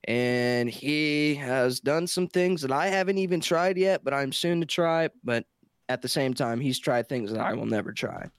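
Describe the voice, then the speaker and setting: A teenage man telling a story on a podcast in an animated, joking way, swearing freely. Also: medium pitch, normal speed, smooth, dry recording. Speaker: podcast co-host. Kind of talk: casual storytelling chat.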